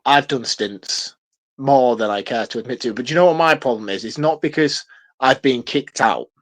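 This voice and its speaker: A middle-aged man co-hosting a podcast, chatting casually about a film and telling relaxed stories with frequent chuckles. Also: medium pitch, moderate pace. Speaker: podcast co-host. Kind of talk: casual film review chat.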